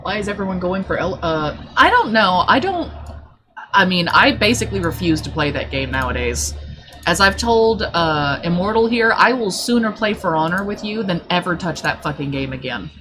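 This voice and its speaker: A woman streamer chatting at her desk mic, swearing freely and talking in a blunt, animated way. Her pitch sits in the middle of the range, with a faint hiss of noise underneath. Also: moderate pace. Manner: blunt, profane, animated storytelling. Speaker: livestreamer. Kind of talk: casual storytelling chat on a live stream.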